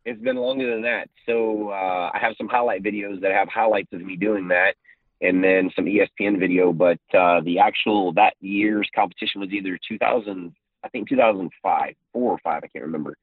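Deep-voiced man on a tinny phone line. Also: fairly even intonation, a little fast, no room sound. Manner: earnest, polite, chuckles while storytelling. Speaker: guest, martial arts champion. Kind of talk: casual interview chat.

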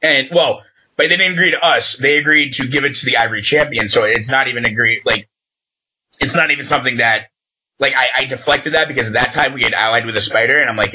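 A man in casual chat, recapping a game session as an animated storyteller who acts out the dialogue he quotes. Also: mid-range voice, fairly quick, muffled recording.

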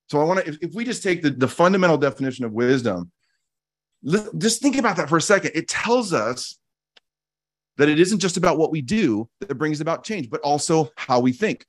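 A man's voice: medium pitch, no echo, studio quality. A man giving a reflective teaching talk as a podcast host, earnest and repeating key phrases for emphasis, with casual restarts. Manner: frequent restarts and casual fillers.

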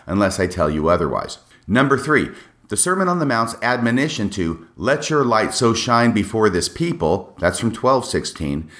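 A man hosting a solo podcast, explaining scripture passages in a measured way with wry asides. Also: medium pitch, a bit bright. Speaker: podcast host.

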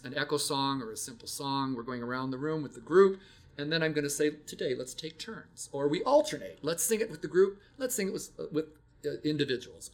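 Older man recounting music-teaching stories. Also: mid-range voice. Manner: reflective, storytelling, frequent restarts. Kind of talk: casual teaching talk.

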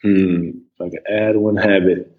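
A man in his thirties talking as a guest on a casual podcast, relaxed, with many restarts and "you know"s. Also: low-pitched, a little slow, phone-quality sound. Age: 30s. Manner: laid-back, stammers on restarts, says "man" and "you know" a lot. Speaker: podcast guest, snack company co-owner.

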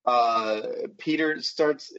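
A co-host describes scenes slowly, hesitating and filling gaps with ums and uhs. The audio is somewhat dull and muffled. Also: mid-range voice, fairly bright tone. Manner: halting, hesitant, many um and uh. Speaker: podcast co-host. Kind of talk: casual movie recap chat.

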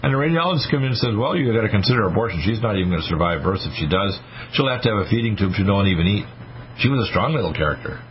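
Racing along in a fairly low, animated voice, the man, in his sixties, runs a radio talk show. His storytelling is emphatic, and he performs the voices of whoever he's quoting; the recording is a bit muffled with some faint noise.

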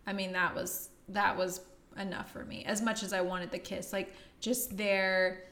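A woman's voice: medium pitch, little pitch movement, a little slow, a bit bright, roomy sound. A woman co-hosting a casual movie review chat, laughing often and trailing off mid-sentence. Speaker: podcast co-host.

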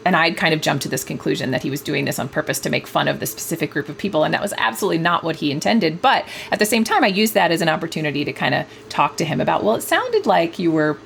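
A woman talks through parenting ideas as an interview guest, in a lowish voice with a gravelly edge. She speaks thoughtfully, pausing often with fillers and starting sentences over. It sounds like an easygoing conversation. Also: fairly bright tone, slight background noise. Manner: thoughtful, many fillers and restarts. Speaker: guest author, parenting expert; mother.

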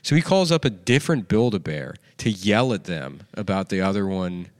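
A man with a fairly low voice tells a rambling story, heavy on fillers and casual swearing. His talk is loose and chatty, like a comedy podcast among friends. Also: lively intonation, moderate pace, no echo, studio quality. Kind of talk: casual chat.

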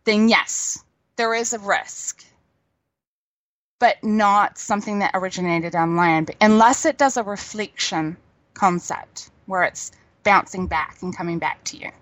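A middle-aged woman talks in a loose, chatty way and laughs easily. Her voice sits at an ordinary pitch. The sound is dry, with no room echo. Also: measured pace, fairly bright tone. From New Zealand. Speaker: guest. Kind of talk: casual chat.

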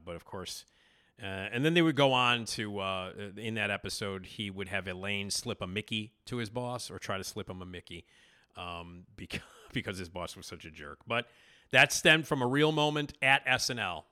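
A man hosting a podcast, casually retelling a TV backstage story with animated emphasis and frequent fillers. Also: fairly low pitch, clean tone. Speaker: podcast host.

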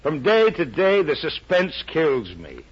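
A man playing a gruff, sarcastic police lieutenant in a 1940s radio drama. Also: on the high side, huge pitch swings, measured pace, heavily acted. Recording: dull old radio broadcast.

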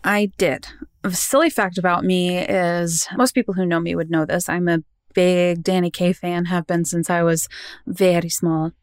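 Smooth-voiced woman chatting as a guest. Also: on the low side, fairly even intonation, normal speed, no echo, studio quality. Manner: chatty, laughs easily, tells stories. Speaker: guest, voice actor. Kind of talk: casual interview chat.

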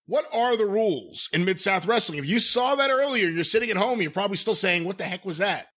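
A man's voice: high-pitched, expressive, brisk, a bit bright. A man co-hosting a podcast, chatting casually about old wrestling in a joking, incredulous way. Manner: joking, incredulous, laughs often. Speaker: podcast co-host.

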